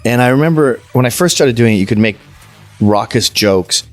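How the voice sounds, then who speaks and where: A man's voice: medium pitch, lively intonation, moderate pace, soft background music. Blunt storytelling Canadian-raised man. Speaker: podcast guest. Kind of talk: casual interview chat. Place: suburban home.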